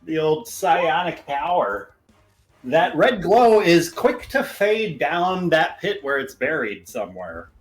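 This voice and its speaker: Animated man narrating as game master. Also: on the high side, slow, echoey room, low-quality recording. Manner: vivid descriptive narration.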